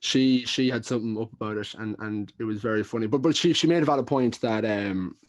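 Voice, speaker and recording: A man's voice: on the low side, brisk. An Irish man who is a podcast guest, talking casually and rambling with frequent restarts. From Ireland. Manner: rambling, lots of restarts and fillers. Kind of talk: casual chat.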